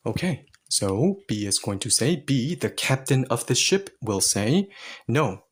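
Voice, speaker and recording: A husky-voiced man leads a language lesson at an even, middle pitch. He explains the grammar patiently and step by step. Now and then he adds a playful aside. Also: measured pace. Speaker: Korean language teacher.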